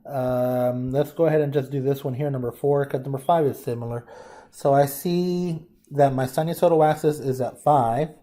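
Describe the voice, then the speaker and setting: Male teacher, mellow tone, casual, thinking aloud through a lesson. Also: mid-range voice, fairly even intonation, normal speed. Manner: casual, thinks aloud while drawing, addresses class as guys. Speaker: math teacher. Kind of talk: informal lesson walkthrough.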